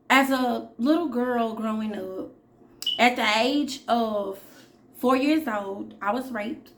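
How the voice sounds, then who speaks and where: A woman in her thirties speaking casually to her viewers as a vlogger, chatty and direct, with many pauses and fillers. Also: on the high side. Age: 30s. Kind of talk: casual talk to camera.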